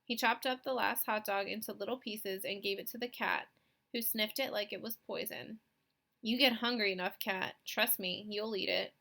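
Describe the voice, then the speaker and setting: A woman narrating a children's novel in a clear, expressive reading voice. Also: medium pitch. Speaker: audiobook reader. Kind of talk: scripted storybook narration.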